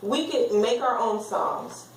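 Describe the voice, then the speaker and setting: A woman's voice: fairly high pitch, slight background noise. Female teacher, explanatory lecture delivery, recorded far off in a roomy space. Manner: explanatory, sounds words out slowly.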